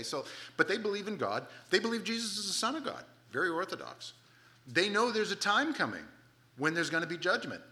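A man's voice: on the high side, sing-song, brisk, bright, forceful tone. A male pastor delivering a sermon in an emphatic, conversational way.

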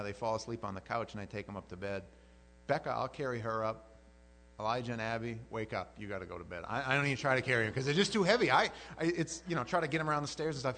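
A middle-aged man preaching a sermon to his church, telling the story with lively asides and acting out the voices. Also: mid-range voice. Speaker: pastor. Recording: mains hum.

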